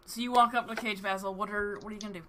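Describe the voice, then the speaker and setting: A woman's voice: mid-range voice, steady tone, very fast, background noise. A woman narrating a tabletop game as game master, chatty and laughing as she describes scenes.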